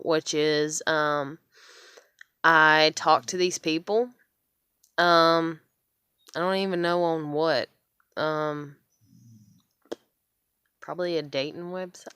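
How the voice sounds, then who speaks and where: A woman's voice: fairly low pitch, a bit bright, clean tone, no room sound, clean studio sound. A woman in her thirties telling her own story in a rambling vlog, swearing often, with plenty of fillers and restarts. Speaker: vlogger. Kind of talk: casual personal storytelling.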